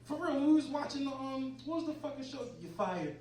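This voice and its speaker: A man's voice: very high voice, lively intonation, a little fast. A man from doing a brash, profane stand-up set on a comedy club stage. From Boston. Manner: brash, profane, loud punchlines. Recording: echoey club, distant mic, crowd laughter. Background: audience laughter.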